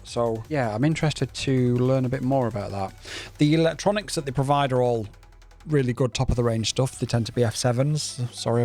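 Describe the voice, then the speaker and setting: A man's voice: medium pitch, a little mellow. Rambling, enthusiastic man. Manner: rambling and enthusiastic, with restarts and stutters. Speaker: drone reviewer. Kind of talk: casual video review.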